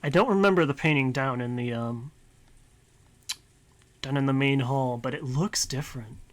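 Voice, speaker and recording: A man's voice: medium pitch, moderate pace. A man streaming a visual novel, reading narration aloud and rambling casually with light swearing. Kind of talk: let's-play commentary and reading aloud.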